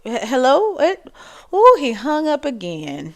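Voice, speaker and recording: A woman in her forties voicing a scatterbrained elderly woman content creator in a high, drawn-out, doting voice. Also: wildly swooping pitch, a bit bright, exaggerated voice. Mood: doting, scattered. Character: chirpy elderly woman vlogger, scatterbrained and sweet.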